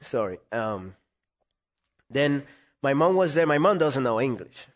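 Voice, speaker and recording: Man telling a lively story. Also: medium pitch, a little slow. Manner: animated, acts out quoted voices. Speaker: interview guest. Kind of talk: storytelling in conversation.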